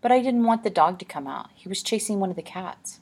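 A woman's voice: medium pitch, expressive, fairly quick, a little mellow, slightly rough, pitched above the performer's own voice. A woman reading aloud, voicing a frightened young girl who speaks in an anxious, breathless, hesitant way.

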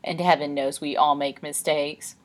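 A woman reading aloud, voicing a genteel, secretive ghost lady from a painting who speaks in a soft, prim, old-fashioned way. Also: low-pitched, steady tone, normal speed. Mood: wistful.

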